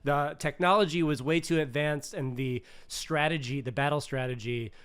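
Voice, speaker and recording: A man's voice: on the high side, fairly even intonation, moderate pace, fairly bright tone, clean tone, no room sound. A young man co-hosting a casual podcast, reading a book aloud and stopping to explain, laughing often. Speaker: podcast co-host.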